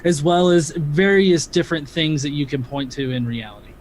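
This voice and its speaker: A man's voice: on the high side, moderate pace, slight background noise. A man arguing in a live-stream debate, combative and exasperated, cursing and stumbling over his words when he is cut off.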